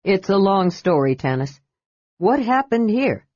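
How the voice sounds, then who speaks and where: A woman's voice: medium pitch, big pitch swings, unhurried, darkish tone, dry recording. A woman voicing a big, hearty young male warrior in a storybook reading, plain and easygoing. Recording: dull dry recording.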